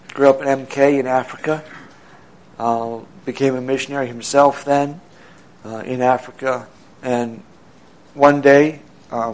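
A man with a voice of middle pitch tells a story in a loose, rambling way. He fills it with ums and restarts and briefly acts out the people in it. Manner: rambling, with many fillers and restarts, acting out quoted dialogue. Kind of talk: casual spoken storytelling.

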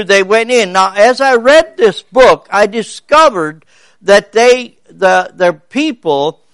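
A man preaches in a high voice, folksy and rambling, stopping and restarting as he goes. The sound is dry and close, with no room around it. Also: smooth, no echo. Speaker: pastor. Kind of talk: sermon.

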